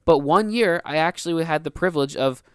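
Earnest storytelling man, crisp dry voice. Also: fairly high pitch, a little fast, no echo. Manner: earnest storytelling, laughs often. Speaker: podcast co-host and youth minister. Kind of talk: casual faith podcast chat.

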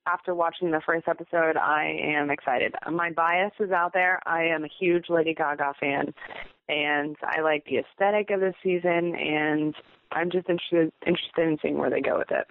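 A man's voice: fairly high pitch, fairly even intonation, normal speed, no room sound. Male podcast co-host, light voice, matter-of-fact, heard over a thin phone line. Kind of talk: casual recap chat. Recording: tinny phone-like line, dry.

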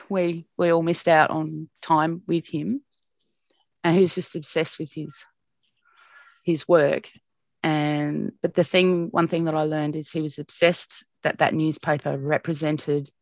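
Low-voiced Australian woman reminiscing. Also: measured pace, dry recording. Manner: animated storytelling with frequent laughs. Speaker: broadcast journalist, interviewee. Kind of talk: reminiscing in an interview.

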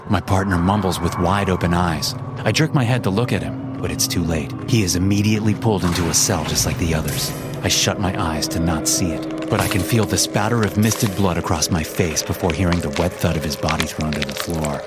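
A man with a very deep, low voice tells a first-person horror story. His delivery is tense and measured, with faint music playing softly behind him.

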